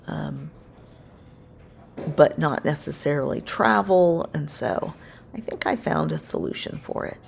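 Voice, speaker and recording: A woman gives a casual voice-over of her scrapbook crafting, relaxed and rambling, correcting herself along the way. Her voice is deep and unhurried, with vocal fry and long pauses.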